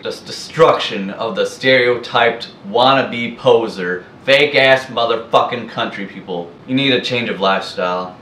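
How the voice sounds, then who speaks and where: A man's voice: on the low side, a bit bright. Scornful man ranting in echoey room. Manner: blunt, profane and scornful, mocking in put-on voices. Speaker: vlogger. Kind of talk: ranting monologue to camera. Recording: echoey room, distant mic, faint background noise.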